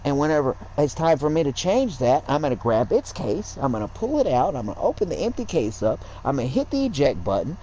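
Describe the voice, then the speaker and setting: A man rambles through a casual gaming livestream, lecturing and swearing freely as he goes. His speaking voice sits high for a man. The delivery is loose and conversational. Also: big pitch swings, fairly quick, hardly any pauses, warm tone, slight background noise, low-quality recording. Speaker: gaming streamer.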